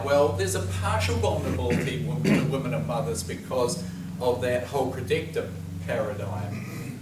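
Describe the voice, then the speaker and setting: A man's voice: mid-range voice, background noise. Man lecturing from a distant mic. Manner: conversational, anecdotal storytelling. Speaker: speaker at a men's health talk. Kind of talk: informal lecture. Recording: roomy hall, distant mic, faint ambience.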